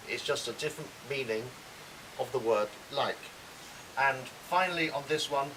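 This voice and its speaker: A man co-hosting a casual lesson, explaining words slowly and repeating examples. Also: mid-range voice. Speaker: English teacher, co-host. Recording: hissy recording from a distance.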